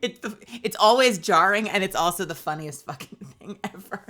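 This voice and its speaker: A woman's voice: medium pitch, normal speed, bright, forceful tone. A woman voice actor chatting casually on a live stream, rambling with lots of fillers. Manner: rambling, many fillers, laughs often.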